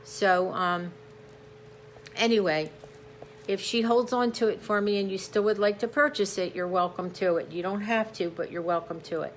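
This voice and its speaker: At home on the couch, a tired craft vlogger talks casually and warmly, rambling and restarting her sentences often. Her medium-pitched voice moves at normal speed, with a little hiss or hum in the background.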